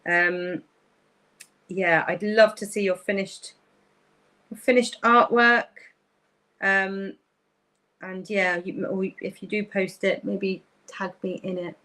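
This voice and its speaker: A woman's voice: medium pitch, steady tone, slow, pauses often, pushed and bright, rough recording. A woman hosting a live-streamed craft tutorial from her craft table at home, thinking aloud as she paints and often apologizing. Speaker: craft workshop host.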